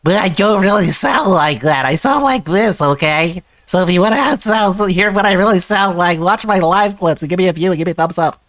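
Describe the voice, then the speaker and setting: A man's voice: sits high, a little fast, few pauses, a bit bright, pitched above the performer's own voice. A man putting on a whiny, nasal voice to mock another content creator, in sneering mock sincerity. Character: whiny nasal man mocking a rival streamer.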